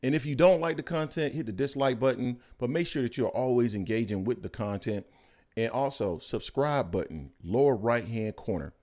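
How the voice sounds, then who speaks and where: A man hosting a boxing podcast in casual chat, joking loudly at times and dropping to calm analysis at others. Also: moderate pace. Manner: excitable, swings from loud joking to low calm analysis. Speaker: podcast host.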